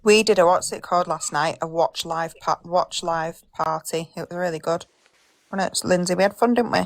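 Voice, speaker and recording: A woman with a somewhat low voice chats on a livestream. She retells online feuds in a quick, gossipy way and acts out the other people's lines. Delivery stays conversational. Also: gravelly. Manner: rapid gossipy retelling, acting out quotes. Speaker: livestream guest. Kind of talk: animated storytelling chat.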